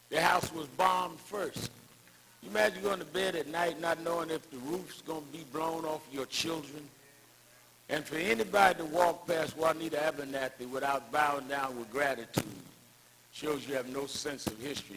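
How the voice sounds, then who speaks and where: A man's voice: fairly high pitch, gravelly, noisy background. An older man giving a rousing tribute speech at an event, building emphatic, preacher-like cadences around anecdotes. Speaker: speaker at a civil rights tribute.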